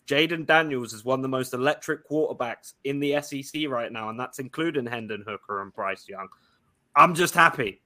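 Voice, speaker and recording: Profane, ranting man with a bright voice. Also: fairly high pitch. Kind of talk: casual chat.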